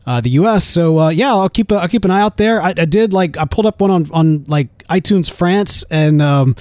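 Brief: American male podcast co-host, easygoing and chatty, slightly higher voice, dry studio sound. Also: lively intonation, brisk, a little mellow, no room sound. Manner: laid-back, says "man" a lot. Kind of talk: casual podcast chat.

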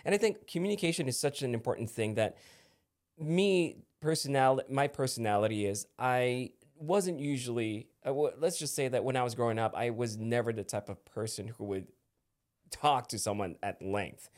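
A man's voice: mid-range voice, normal speed, darkish tone. A man hosting a podcast in casual interview chat, friendly and self-deprecating, laughing often. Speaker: podcast host.

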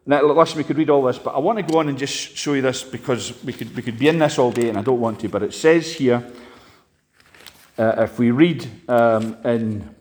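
A man preaching a sermon, impassioned, swinging sharply between loud and quiet. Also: a little fast. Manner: impassioned, rises and drops sharply in pitch and volume. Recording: long hall reverb.

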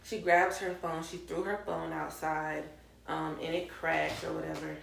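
A woman co-hosting a casual podcast chat, telling a personal story in an animated way and acting out the people she quotes. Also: low-pitched, measured pace, gravelly, reverberant, slight background noise. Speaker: podcast co-host.

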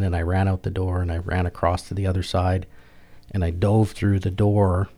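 Speaking in a deep, dark voice with a level tone, this middle-aged Canadian man is a military veteran sharing his own story in an interview. His delivery is plain-spoken and halting, with frequent repeats and restarts.

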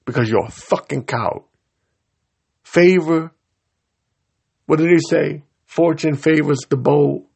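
A man delivering a profane, confrontational rant straight to his audience, swinging between loud outbursts and low mutters. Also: vocal fry, breathy edge. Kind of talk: profane angry rant to camera.

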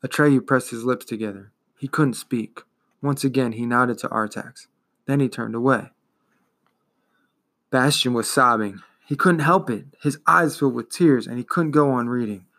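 A man reading a fantasy novel aloud in a measured, expressive storytelling manner. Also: mid-range voice. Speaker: reader.

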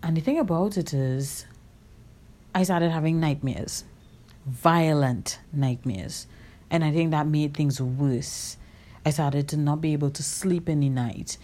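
A woman's voice: low voice, dark tone. A woman hosting a podcast, telling a personal story in a candid, reflective way, with many fillers and self-corrections. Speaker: podcast host.

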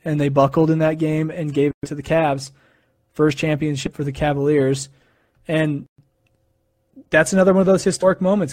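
Young american guy chatting on a stream, kinda high voice, rambles a lot, dry sound. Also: no echo. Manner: rambling, chatty, with fillers and self-corrections. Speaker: live stream host. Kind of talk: casual sports chat.

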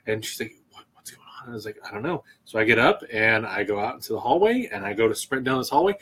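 A man's voice: medium pitch, lively intonation, fast, a bit bright, slightly rough. A man co-hosting a casual beer-tasting chat, a laid-back storyteller who swears often. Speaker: podcast co-host.

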